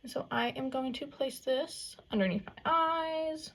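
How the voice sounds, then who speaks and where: Husky, chatty young woman doing makeup. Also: high voice, measured pace. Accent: Southern US. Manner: chatty, valley-girl fillers, frequent "like" and "um". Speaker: makeup vlogger. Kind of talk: casual makeup tutorial chat.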